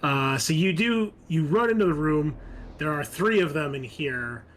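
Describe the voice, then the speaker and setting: A man running a tabletop game as game master, narrating the scene in a relaxed, chatty way. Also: a little high, unhurried, a little hiss or hum.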